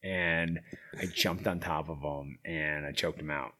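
A man's voice: very deep voice, fairly even intonation, a little slow, bright, forceful tone. A middle-aged man telling stories in a casual interview, rambling with many fillers. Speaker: guest, founder of a veteran horse program.

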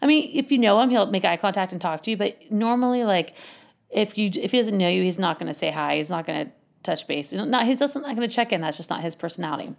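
A woman's voice: medium pitch, expressive, quick pace, vocal fry. A woman who works with children, telling a story casually and animatedly, acting out voices and laughing often.

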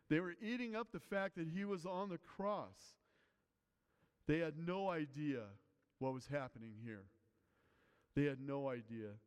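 A man's voice: on the high side, clear, resonant tone. A man preaching a sermon as pastor, explaining a passage in an earnest way and reading scripture aloud to the congregation. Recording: long hall reverb.

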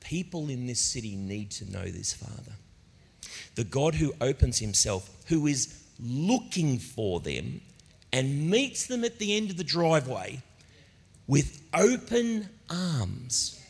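A middle-aged man preaching a sermon as a pastor, telling stories in an animated, conversational way. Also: medium pitch, breathy edge. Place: church auditorium. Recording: long reverb of a church hall.

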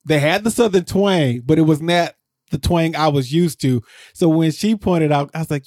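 A man co-hosts a casual recap with a slightly raised voice, rambling and circling back on himself. When something exasperates him, his pitch shoots up. The sound is dry and close to the mic. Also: normal speed, darkish tone, no echo. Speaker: podcast co-host.

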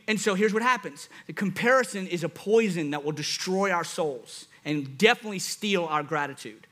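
A man preaching a sermon, animated, acting out quoted thoughts and laughing at himself. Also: high voice, moderate pace, hardly any pauses. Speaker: pastor.

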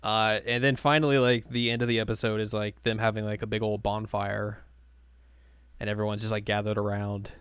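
A man chatting casually on a podcast, retelling an episode with lots of laughter and quick impressions of the characters. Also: on the low side, little pitch movement, a bit bright, clear, resonant tone, no echo. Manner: laughs often, acts out characters' lines in quick put-on voices. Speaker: podcast co-host. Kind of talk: casual chat recapping an anime episode.

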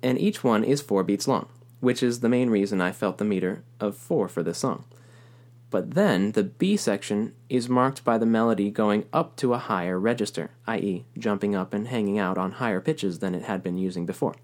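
A man's voice: fairly low pitch, normal speed, darkish tone. A man teaching a recorded music lesson, explaining rhythm patiently and counting beats aloud.

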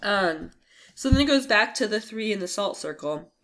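A woman's voice: mid-range voice, animated, moderate pace, fairly bright tone. A woman co-hosting a podcast, casually recapping a TV episode with rambling asides and laughs. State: coughing. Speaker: podcast co-host.

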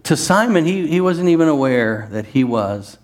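A middle-aged pastor preaches in a conversational way, full of asides and questions to the listeners. His voice sits a bit high for a man and climbs further when he leans into a point. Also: animated, moderate pace. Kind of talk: sermon.

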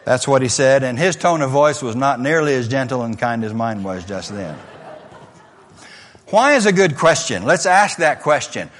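A man's voice: a little high, a bit bright. A middle-aged man preaching a sermon in a church, in an earnest, conversational way with many rhetorical questions, heard in an echoey hall. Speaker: pastor. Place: church sanctuary.

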